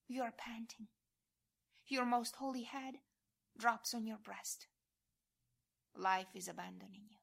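Slow, hushed woman reading prayers. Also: a little high, vocal fry. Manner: hushed, often sinking to a whisper. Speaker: prayer reader.

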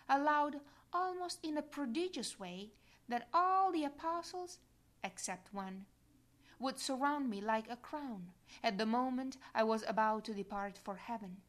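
A woman voicing a tender, motherly heavenly queen in a slow, gentle devotional reading that drops to soft whispers. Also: fairly high pitch.

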